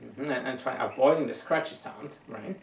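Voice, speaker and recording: Heavy background noise surrounds this man's mid-range voice, which carries some vocal fry at a normal speed. He is giving a violin lesson, coaching patiently and often repeating himself as he looks for the right wording. A far-off mic makes it sound roomy.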